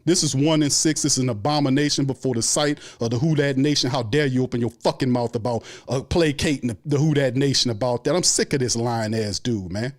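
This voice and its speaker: A man's voice: mid-range voice, a little fast, few pauses. A man hosting a live sports stream, ranting angrily and profanely in a repetitive, heated rant. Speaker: sports show host.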